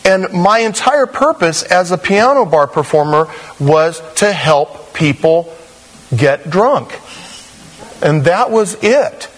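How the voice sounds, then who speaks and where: A pastor preaches a sermon slowly, sharing personal stories. He acts out quoted voices with animated swings between high and low.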